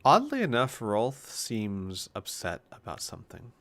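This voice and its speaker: A man running a tabletop game as game master, relaxed and quick to laugh. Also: medium pitch.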